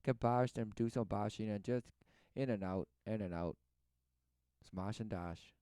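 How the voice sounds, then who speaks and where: Brief: male commentator, preachy and emphatic, smooth clear voice, dry close sound. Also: on the low side, measured pace, warm tone, no room sound. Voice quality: exhorting, emphatic preaching manner. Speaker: commentator reacting to a video.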